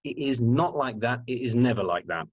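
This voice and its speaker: A man being interviewed as a guest, telling his personal story in an animated, candid way and swearing freely. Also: mid-range voice, normal speed, husky. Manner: animated, earnest, swears freely and repeats words for emphasis.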